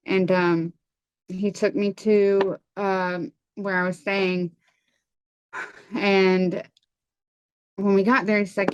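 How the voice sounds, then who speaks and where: A woman telling a personal testimony in a casual, halting way, with many fillers and restarts. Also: lowish voice, smooth, dull audio. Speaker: testimony guest.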